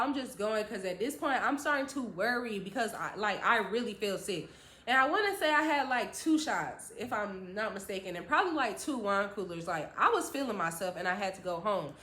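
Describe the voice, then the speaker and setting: A woman vlogger telling a story in a casual, animated, slangy way, talking straight to her viewers. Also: medium pitch, a little fast, roomy sound.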